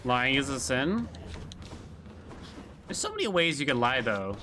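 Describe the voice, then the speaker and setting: A man's voice: medium pitch, very animated, a little slow, sharp tone, a little hiss or hum. A man streaming a video game, chatting casually and rambling with jokes to his chat as he plays. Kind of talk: casual gameplay commentary.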